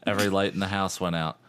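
Low-voiced male podcast co-host reading a novel aloud, dry, joking asides. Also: fairly bright tone. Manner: reads dryly, breaks into laughs and asides.

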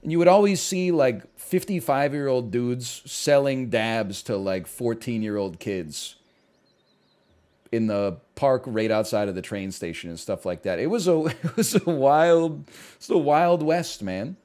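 Male streamer, thirties, sardonic rambling chat, casual swearing, medium pitch. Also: unhurried, a little mellow. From Canada.

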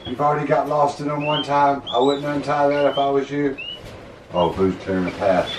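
A man's voice: medium pitch, normal speed. A man who owns pet monkeys narrates a casual vlog in a playful, chatty way, laughing often and talking to the animals. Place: indoor room filled with balloons. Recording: echoey room, distant mic, background noise.

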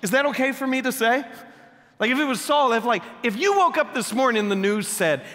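A male pastor preaching a sermon, animated and joking in a conversational way. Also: very high-pitched, brisk. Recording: long echoey hall reverb.

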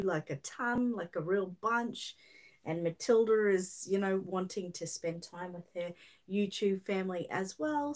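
Throaty Australian mum chatting live. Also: female voice, mid-range voice. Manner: chatty, reads viewer comments aloud. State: throaty from a chest infection. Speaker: livestream host. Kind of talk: casual livestream chat.

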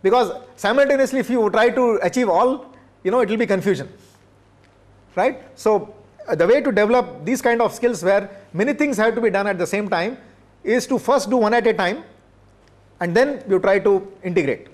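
A middle-aged man lectures a workshop with a noticeably high-pitched voice. His delivery is measured and broken up with "uh" fillers. He keeps checking in with his listeners through quick tag questions. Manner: measured, checks in with "right?" and "okay?"; frequent hesitation fillers. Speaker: professor.

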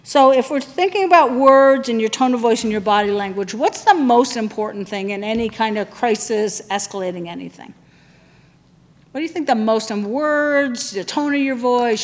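Woman trainer, fairly high voice, conversational, quizzes the room, long reverb. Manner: conversational, asks the room questions. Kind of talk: training session lecture.

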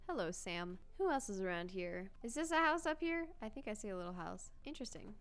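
Excitable young woman playing a game. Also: medium pitch, moderate pace, clean tone, faint music behind. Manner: chatty, excitable, reads game text aloud. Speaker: gaming channel host. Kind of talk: casual let's-play commentary.

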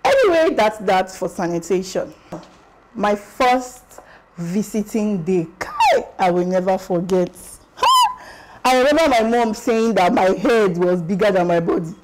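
A young adult Nigerian woman vlogging about her school days, animated and exclamatory, slipping into Pidgin. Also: medium pitch, a little slow, slight background noise, rough recording. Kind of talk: casual storytelling vlog.

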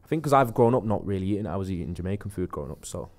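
Man co-host, low voice, animated, laughs a lot, restarts his sentences, casual live chat. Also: racing.

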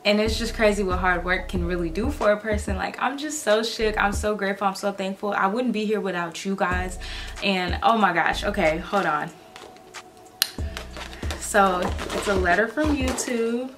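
A woman in her twenties, a YouTuber talking in a gushing, excitable casual vlog, full of "like"s. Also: mid-range voice, moderate pace, music in the background. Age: 20s.

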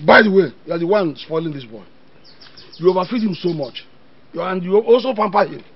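A man's voice: high voice, lively intonation, a little fast, dull audio. An actor with a Nigerian accent playing an argumentative village father who stands up for his son. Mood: arguing. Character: defensive village father, gravelly and stern.

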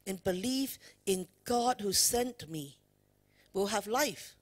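A woman with a mid-range, animated voice preaches slowly and emphatically at a church worship service. She addresses the congregation directly with questions, using "you know" as a frequent filler.

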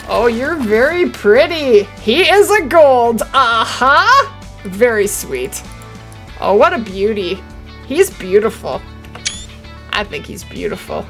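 A young woman live-streaming a hunting game, chatting with her viewers and getting excitable. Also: a little high, unhurried, faint music behind. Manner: excitable, chatty, talking to chat. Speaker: gaming streamer.

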